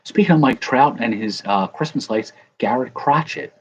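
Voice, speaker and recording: With a mid-range, breathy voice at normal speed, this man opens baseball cards on camera. He rambles and cracks jokes directly to his viewers as a card-breaking vlogger. The sound is dull and lo-fi, with faint ambience.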